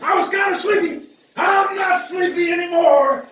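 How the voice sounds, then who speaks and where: A man's voice: very high voice, moderate pace, fairly bright tone, recorded from a distance. A man, talking casually to camera in a profane, joking vlog, whooping as he goes. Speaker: vlogger. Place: outdoor shower. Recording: echoey, from off the mic, with running water.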